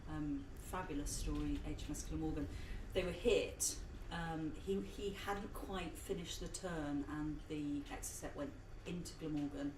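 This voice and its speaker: A woman's voice: low voice, measured pace, few pauses. A woman co-hosting a casual podcast, telling stories in a rambling way with many ums and restarts. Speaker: podcast co-host. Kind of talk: casual chat. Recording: echoey room, distant mic, background noise.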